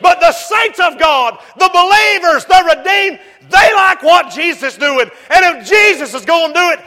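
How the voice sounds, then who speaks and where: A preacher man with a very high, bright, piercing voice hollers and whoops his way through a fiery sermon. He drops now and then into low, quick asides. A long reverb trails off every shout in the church hall. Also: expressive.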